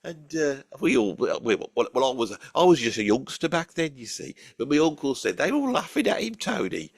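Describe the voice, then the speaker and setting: Grumpy Birmingham-accented man, gravelly and a little high, dry close sound, rambling comic storyteller. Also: big pitch swings, a little fast, no room sound. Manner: grumpy, rambling, swears casually. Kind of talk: comic character monologue.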